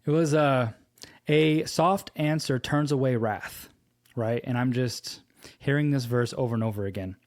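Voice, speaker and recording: Slow, earnest male preacher. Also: mid-range voice, darkish tone. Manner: slow, earnest storytelling with scripture quotes. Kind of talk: devotional teaching with personal story.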